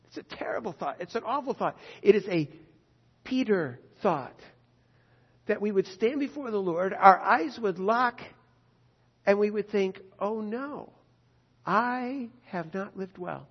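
A man preaching a sermon, earnest and emphatic, slowing down on key phrases. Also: sits high, lively intonation, breathy edge. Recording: dull sound with long hall reverb.

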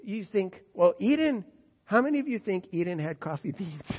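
A man's voice: sits high, big pitch swings, normal speed, breathy edge. A man preaching to an audience in an enthusiastic, conversational way, asking them questions directly. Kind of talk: sermon on heaven and the new earth. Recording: muffled sound with long hall reverb.

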